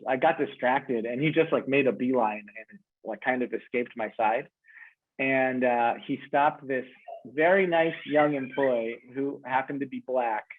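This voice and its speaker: Male comic storyteller, halting, filler-heavy delivery, mid-pitched voice, phone-line radio sound. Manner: halting, lots of fillers, switches from frank to joking.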